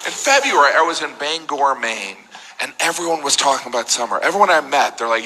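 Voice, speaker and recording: A man doing a stand-up comedy routine, wry and animated, heard from a distance with heavy noise. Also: on the high side, brisk. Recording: loud noise, long hall reverb, from far off.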